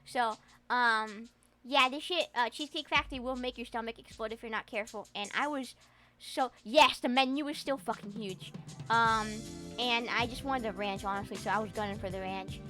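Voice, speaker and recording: Young woman streaming from home, high bright voice, swears a lot, rambles w fillers, bit of music behind. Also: normal speed. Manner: animated, profane, rambling with frequent fillers. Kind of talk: casual livestream chat.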